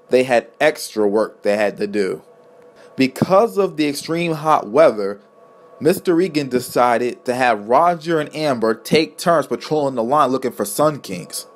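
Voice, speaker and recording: A man narrating a homemade storybook tale in a plain, earnest reading voice. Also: medium pitch.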